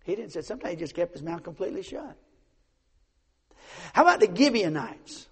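A man preaching a sermon as pastor, swinging from hushed asides to shouts, often stammering and restarting. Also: high-pitched, sing-song, fairly quick, husky. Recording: long hall reverb.

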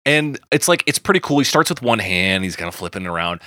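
A man co-hosting a casual movie-review podcast, animated, swearing freely and laughing often. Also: on the low side, fast talker, no room sound, studio quality. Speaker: podcast co-host.

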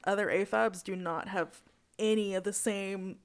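A woman's voice: mid-range voice, fairly even intonation, a little slow. A woman co-hosting a casual chat, telling stories candidly and laughing often.

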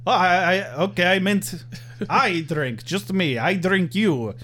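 A pompous old vampire count, greedy for his meal, as a man puts him on in a podcast bit. The delivery is theatrical and mock-grand, with lively swoops in pitch and a slightly high voice. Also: unhurried, a little hiss or hum.

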